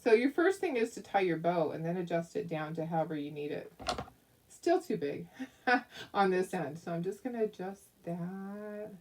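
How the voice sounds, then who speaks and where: A woman's voice: lowish voice, lively intonation, moderate pace, a little mellow, a little hiss or hum. Bubbly lady doing a craft tutorial at home, giggles a lot, mic kinda far off. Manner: chatty and giggly, talks to viewers. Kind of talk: casual craft demonstration.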